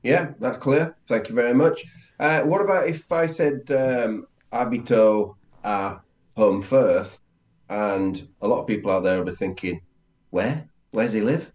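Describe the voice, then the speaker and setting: A man's voice: medium pitch, unhurried, a little mellow. A man from England learning Italian, asking curious, tentative questions in a conversational lesson. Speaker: learner and co-host. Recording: dull lo-fi sound.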